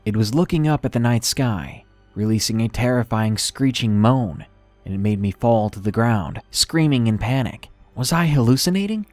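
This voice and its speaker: A man reading a first-person horror story aloud in a slow, measured, ominous way. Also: medium pitch, expressive, a little mellow, no echo. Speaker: narrator. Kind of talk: scripted horror story narration. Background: faint background music.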